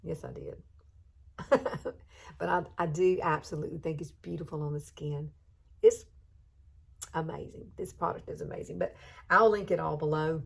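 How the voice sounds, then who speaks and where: A woman's voice: sits low, fairly even intonation, normal speed, gravelly, pauses often, slightly rough. A woman in her fifties with an Alabama accent, chatting through a makeup routine in a beauty vlog, talking emotionally and sometimes close to tears. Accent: Southern US (Alabama). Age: 50s. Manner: chatty, warm-hearted, emotional. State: tearful at times. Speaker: beauty vlogger. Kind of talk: chatty get-ready-with-me vlog.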